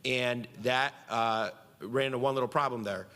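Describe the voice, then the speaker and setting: A man's voice: medium pitch, steady tone, moderate pace, sharp tone, in a large hall. A man giving a conference speech from Central New York, telling a story and quoting himself and others with animation.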